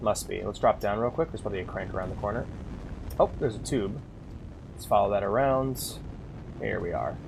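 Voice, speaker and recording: A man streaming a game, rambling and swearing freely as he thinks out loud between moves. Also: on the low side, brisk, gravelly, long pauses, background noise. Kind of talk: casual gameplay commentary.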